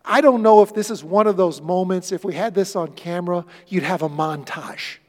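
A male pastor preaching a sermon, telling stories earnestly and swinging from loud bursts to quiet moments. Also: high-pitched, moderate pace, big-room sound.

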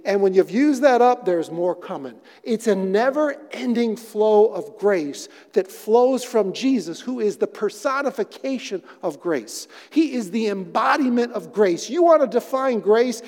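Man preaching, high voice, emphatic repeated words, long hall reverb. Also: darkish tone. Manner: expository preaching, dramatic pauses and emphatic repetition. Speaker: pastor. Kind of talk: sermon.

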